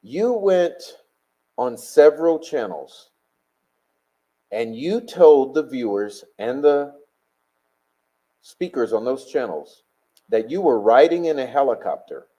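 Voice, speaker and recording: Blunt, combative man with a dark voice. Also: mid-range voice, expressive, slow pace, long pauses, rough recording. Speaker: live stream host. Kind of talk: casual live stream commentary, reading chat.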